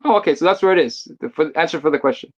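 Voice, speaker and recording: A man's voice: fairly high pitch, racing, muffled recording. A man from Quebec with a Québécois French accent, joining as a guest for a joking, argumentative casual chat. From Quebec, Canada.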